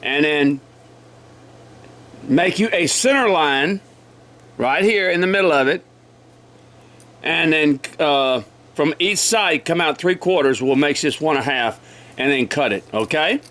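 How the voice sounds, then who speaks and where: A man with a cold teaching woodcarving in a folksy, repetitive way, often clearing his throat and apologizing. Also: fairly high pitch, expressive, unhurried, long pauses, fairly bright tone. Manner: folksy, repeats measurements, frequent throat clearing. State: has a cold. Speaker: woodcarving instructor. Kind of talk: casual step-by-step demonstration.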